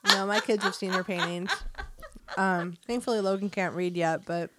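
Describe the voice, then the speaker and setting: Chatty laughing mom, casual podcast talk. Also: female voice, fairly low pitch, moderate pace, very noisy. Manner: chatty, laughs often, acts out her kids' voices. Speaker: podcast co-host. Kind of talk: casual chat.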